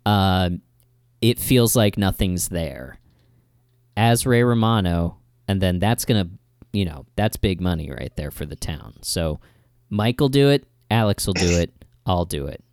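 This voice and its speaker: A man co-hosting an improv comedy podcast, joking in a playful deadpan way. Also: low-pitched, no echo, clean studio sound. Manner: playful, quick deadpan jokes. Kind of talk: casual comedic banter.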